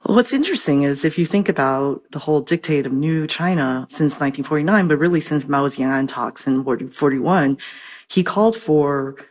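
A woman's voice: sits low, expressive, brisk, a little mellow. A woman professor and translator speaking as an expert guest, articulate and explanatory, heard over a remote connection. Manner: articulate, lecturing. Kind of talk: expert interview.

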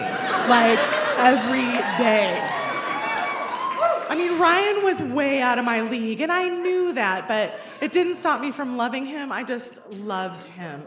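A woman of forty telling a personal story at a live show, wry and self-deprecating with lively comic timing. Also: a little high, very noisy. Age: 40s. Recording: roomy echoey venue sound.

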